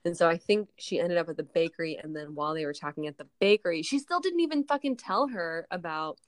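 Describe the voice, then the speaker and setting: A woman's voice: on the low side, animated, quick pace, no echo, clean studio sound. A woman recapping an episode in casual podcast chat, rambling with lots of "like" and frequent swearing.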